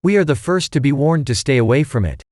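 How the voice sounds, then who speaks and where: A man's voice: medium pitch, lively intonation, fast talker, a little mellow, no echo, clean studio sound, lightly acted. A man voicing a bookish teenage boy detective who speaks in a precise, formal way, in a storybook reading. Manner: precise, stiff, formal wording.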